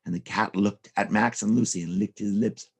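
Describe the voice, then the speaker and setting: A man telling silly stories to children, very expressive, with repetition and sound effects. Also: fairly low pitch, moderate pace, creaky, breathy edge. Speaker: children's storyteller. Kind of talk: animated storytelling for children.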